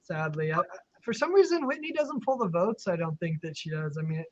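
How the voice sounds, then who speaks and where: A man with a high voice hosts a casual livestream chat over a video call, loose and chatty, laughing easily. The audio is dull and lo-fi, with a faint hiss underneath. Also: animated, fairly quick. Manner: chatty, laughs often, many fillers. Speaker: live stream host. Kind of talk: casual chat reading viewer questions.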